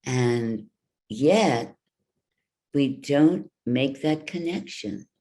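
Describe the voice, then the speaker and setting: A woman voice coach giving a workshop talk, speaking deliberately and guiding the listeners through exercises with demonstrations. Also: very deep voice, animated, dark tone. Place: virtual workshop from home.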